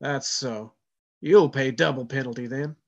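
A man's voice: medium pitch, unhurried, lo-fi sound. A man voicing a harsh, scowling first mate on a whaling ship, barking orders with contempt. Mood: contemptuous.

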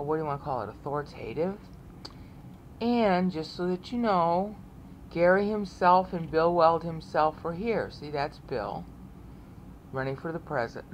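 A woman's voice: sits low, slight background noise. A woman casually walking viewers through online resources, rambling, repeating herself and often asking "okay?". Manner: rambling, repeats words, frequent "okay?" check-ins. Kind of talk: casual screen-share walkthrough.

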